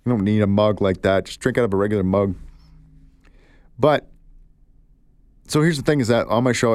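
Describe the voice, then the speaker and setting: A man with a fairly low voice hosts his own show alone, chatting in a relaxed, storytelling way. He acts out the people in his stories as he goes. The sound is dry and close, with no room echo. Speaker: podcast host. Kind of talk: casual solo chat.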